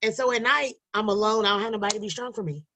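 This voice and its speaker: A woman with a bright, clear voice talks openly about raising children alone. She speaks earnestly and emotionally, sometimes close to tears, then laughs it off. She sounds like a young adult in casual conversation. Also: mid-range voice, very fast. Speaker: guest, single mother running a support group.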